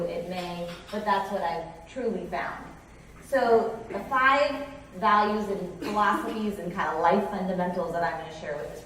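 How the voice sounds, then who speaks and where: A fairly low-pitched woman's voice: she's a California company president in her forties giving a conference keynote, chatty and storytelling, with restarts. The hall is echoey, the mic distant, and there's slight background noise.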